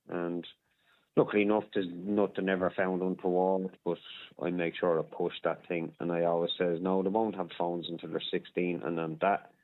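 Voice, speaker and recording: Donegal irish man, radio caller, very deep voice, tinny phone line. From Ireland. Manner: blunt and chatty. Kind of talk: phone-in call.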